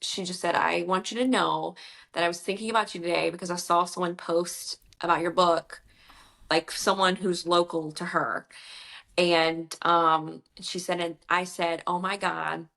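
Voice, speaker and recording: A woman's voice: on the low side, creaky. Chatty author woman, gets emotional. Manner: chatty, emotional, quotes others in animated voices. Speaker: author guest. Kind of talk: casual interview chat.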